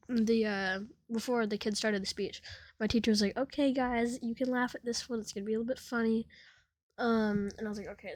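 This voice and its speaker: A woman's voice: mid-range voice, dry recording. Rambling teen girl telling a story. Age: teens. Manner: rambling, filler-heavy, giggly storytelling. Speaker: storytime vlogger. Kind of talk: casual story time.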